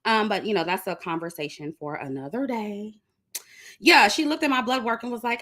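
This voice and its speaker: Blunt woman vlogger, emphatic delivery, mid-pitched, talking straight to camera. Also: sing-song, normal speed, a bit bright. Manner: blunt, emphatic, addresses viewers directly. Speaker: commentary vlogger. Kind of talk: opinion monologue to camera.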